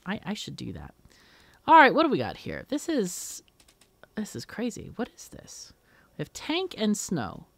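A woman's voice: medium pitch, wildly swooping pitch, a little slow, creaky. A woman hosting a let's play, thinking aloud as she works through a puzzle game, muttering and exclaiming. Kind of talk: thinking aloud while gaming.

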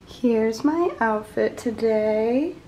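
A young woman vlogging in a casual, gushing, excitable way at an outdoor theme park. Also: a little high, extremely slow, a little hiss or hum, poor audio. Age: young adult. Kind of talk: casual vlog.

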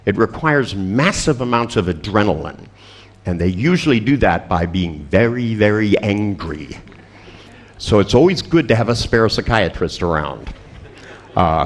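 An older man telling a crude, funny story to a seminar audience. He laughs often and acts out the other people's lines. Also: on the low side. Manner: profane, laughing storyteller acting out dialogue. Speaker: seminar speaker.

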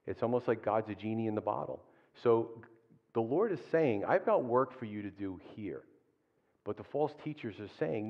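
A man preaching a sermon as a pastor, in a conversational way, often tagging his points with questions and animated asides. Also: lowish voice, moderate pace. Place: church hall. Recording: dull sound with long hall reverb.

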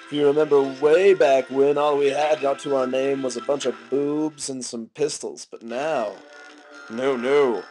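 A man's voice: medium pitch, a little mellow, poor audio. A young man with a sore, gunky throat giving goofy gaming commentary full of silly outbursts. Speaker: let's play commentator.

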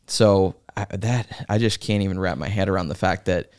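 Smooth-voiced male podcast host. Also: sits low, normal speed, darkish tone. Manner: reacting with amazement, thinking aloud. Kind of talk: casual interview.

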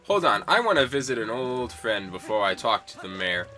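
A man's voice: on the low side, very animated, normal speed, music in the background. Playful young man narrating gameplay. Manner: playful, rambling, chuckling asides. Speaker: let's-play gamer. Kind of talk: casual game commentary.

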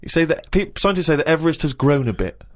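A man's voice: a little high, sing-song, quick pace. A man hosting a radio chat show, reading out diary entries in a dry, mock-serious way and laughing often. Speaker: radio host.

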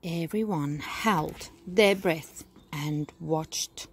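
A woman teacher reads a bedtime-style picture book aloud to young children. She takes it slowly and carefully, outdoors. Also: deep voice, slight background noise. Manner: slow, warm storytelling to children. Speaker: primary school teacher. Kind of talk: bedtime story read-aloud.

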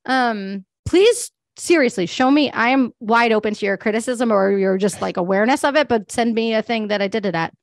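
A woman's voice: a little high, fairly quick, hardly any pauses, dry recording, clean studio sound. A woman pet photographer giving a casual presentation, chatty and full of fillers, laughing often. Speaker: guest speaker, pet photographer.

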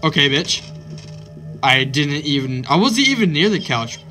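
A man hosting a let's play of a horror game, excitable and swearing constantly, yelping at scares. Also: fairly high pitch, a little slow, faint music behind. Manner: excitable, swears constantly, yelps when startled. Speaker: gaming channel host.

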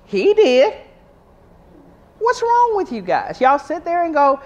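A woman's voice: sits high, wildly swooping pitch, slow, darkish tone, muffled recording. Emphatic woman rallying a crowd. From Arkansas, US. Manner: emphatic, rallying, preacher-like repetition. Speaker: pediatric nurse speaker. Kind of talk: conference talk. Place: conference room.

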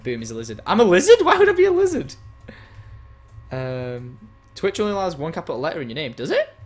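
A young man hosting a gaming channel, chatting casually and teasingly while he plays, now and then frustrated. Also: on the high side. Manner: playful, teasing, swings between chatty and frustrated. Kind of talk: casual gameplay commentary.

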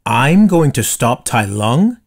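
A man's voice: medium pitch, takes it slowly, gravelly, heavily acted. A man doing a clumsy, eager young panda. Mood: nervous. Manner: nervous and excitable.

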